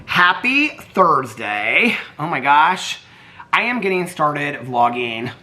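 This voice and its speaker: A man's voice: fairly high pitch, animated, slow pace, bright, forceful tone. An older man vlogging in casual chat, rambling and laughing, a little congested from allergies. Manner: chatty, rambling, often breaks into singing and laughter.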